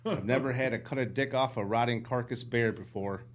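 A man's voice: medium pitch, a little fast, close to an everyday voice. A man doing a weary Canadian hunting guide. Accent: put-on Canadian. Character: gruff male Canadian hunting guide, exasperated.

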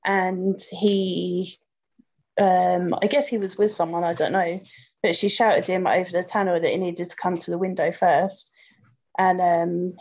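A woman chatting casually in an interview, sharing a relaxed anecdote. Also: lowish voice. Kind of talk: casual chat. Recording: muffled lo-fi sound.

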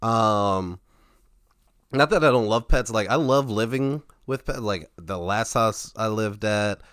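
A young man with a low-pitched voice talks casually, rambling and filling his sentences with "like." The sound is dry and close, with no room echo. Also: takes it slowly, a bit bright, clean tone. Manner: rambling, lots of "like" fillers. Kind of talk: casual chat.

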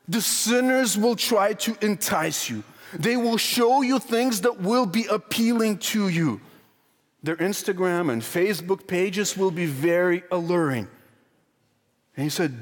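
A male preacher with a high voice delivers an earnest, emphatic sermon. He asks his listeners pointed rhetorical questions and slows down, dropping low, whenever he quotes scripture. His voice rings with a long hall reverb. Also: expressive. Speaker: pastor.

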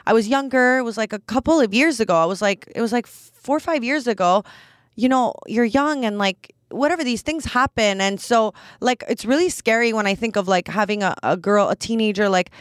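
A young woman, host of a casual podcast, talks fast and candidly with a fairly high voice. She leans on filler words as she tells her stories, and the sound is dry and close, with no room around it. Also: no echo. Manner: chatty, candid, quick, full of "like" fillers. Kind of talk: casual storytelling chat.

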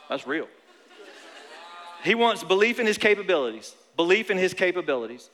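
A young adult man preaching a sermon to a congregation. He is animated and joking, and he repeats phrases for emphasis. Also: fairly high pitch. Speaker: pastor. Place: large church auditorium. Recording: long hall reverb.

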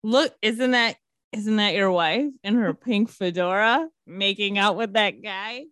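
A woman's voice: mid-range voice, a little slow, smooth, no room sound. A woman co-hosting a casual chat about a movie, swearing and laughing as she acts out its lines. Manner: animated, swears often, laughs a lot, acts out quotes. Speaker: podcast co-host.

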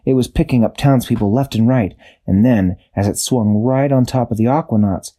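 A man improvising a children's bedtime story, unhurried, searching for words and correcting himself. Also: mid-range voice, dark tone.

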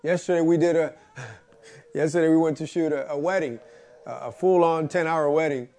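Brief: man, preacher, conversational sermon, earnest storyteller, slightly higher voice. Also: moderate pace, darkish tone. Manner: earnest, storytelling, repeats phrases for emphasis.

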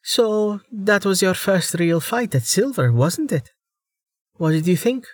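A calm, playful young healer woman with a quiet, teasing manner, as a man raises his voice to put her on. The lifted pitch stays light and dry in a close recording. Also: unhurried, dry recording.

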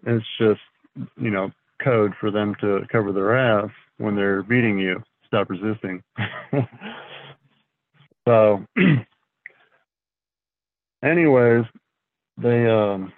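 A man telling his story as a podcast guest, in a halting, casual way, often clearing his throat and filling gaps with fillers. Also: on the low side. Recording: thin phone-like sound, dry.

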